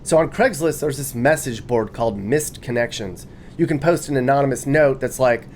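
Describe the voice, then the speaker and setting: A man's voice: mid-range voice, normal speed, a little hiss or hum. A man narrating a video with casual, jokey commentary, often laughing and reading quotes aloud with mock enthusiasm.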